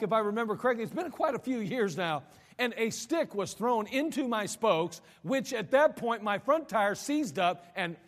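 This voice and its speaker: Male preacher, high-pitched, dramatic sermon delivery with repeated words, long reverberant hall. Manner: dramatic preaching, sudden drops to low quiet lines; repeats words when building a point.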